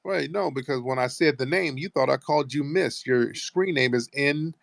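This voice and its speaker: A man argues with callers on a live talk show. His voice sits at a middle pitch and is recorded dry and close, and his manner is blunt, combative and profane. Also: moderate pace, vocal fry, dry recording. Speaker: host. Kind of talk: heated live call-in show.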